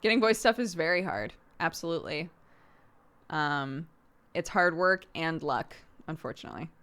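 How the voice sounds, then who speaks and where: Chatty woman streamer, low voice. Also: lively intonation, normal speed, a bit bright, clean tone. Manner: chatty, laughs often. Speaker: streamer and voice actor. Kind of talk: casual chat answering chat.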